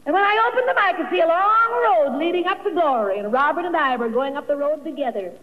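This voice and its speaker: A woman's voice: sits high, lively intonation, fast. A woman telling her life story as an emotional personal testimony, dramatic and quoting others in her own voice. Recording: dull old archival recording in a reverberant hall.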